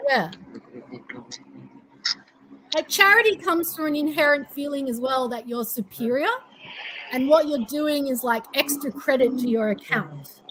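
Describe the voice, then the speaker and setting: A woman with a high, light voice talks through her ideas in relaxed podcast chat. She sounds earnest and reflective, pausing on ums and restarting her sentences. A faint hiss sits under her voice. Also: poor audio. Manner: earnest, reflective, with frequent fillers. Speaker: co-host.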